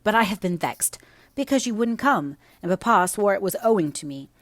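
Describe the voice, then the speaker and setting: A woman's voice: medium pitch, animated, brisk, no echo, pitched above the performer's own voice, natural voice. A woman reading aloud, voicing a sickly, peevish teenage boy who whines with self-pity. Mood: pleading. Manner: whiny, self-pitying.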